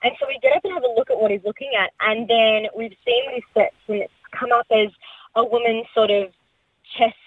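A woman calling in to a radio show, telling a story fast and breathlessly. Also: a little high, fairly even intonation, breathy edge, dry recording. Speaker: caller. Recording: tinny phone line.

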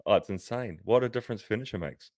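A pro cyclist co-hosts a podcast in casual chat, rambling and laughing often while sitting on a bed in a near-empty house. His voice is fairly low with a darkish tone, and he talks quickly.

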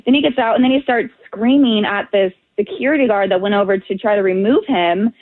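A woman correspondent phoned in to a radio show, speaking indignantly and with emphasis in a fast flow. Her voice comes over a tinny, dry phone line and sits in a middle pitch. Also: dry recording.

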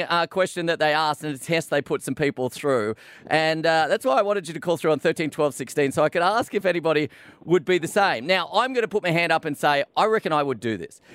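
A man's voice: fairly high pitch, fairly bright tone, no room sound, clean studio sound. Chatty Australian radio host man. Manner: chatty, laughs easily. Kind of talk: talkback radio chat.

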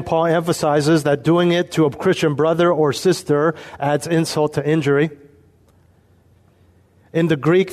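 A man preaching an expository sermon, earnest and emphatic, slowing down to stress key points. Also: on the high side, darkish tone. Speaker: pastor.

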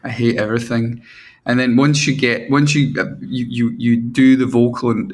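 A man's voice: medium pitch, steady tone. Self-mocking middle-aged male songwriter. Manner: self-mocking, halting with many restarts, mimics his own inner voices. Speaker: band frontman and songwriter. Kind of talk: candid casual interview talk.

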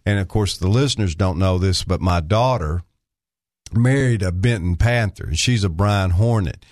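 A man's voice: low-pitched, moderate pace, a little mellow, no room sound. An older man from Arkansas guest-hosting a talk radio show in a studio, rambling and folksy with many fillers. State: slightly out of breath.

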